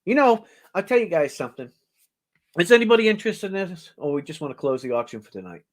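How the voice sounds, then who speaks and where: Casting note: middle-aged male auction host, rambling storyteller, chuckles often, higher voice that swings widely. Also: sing-song, quick pace. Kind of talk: casual storytelling to a live audience.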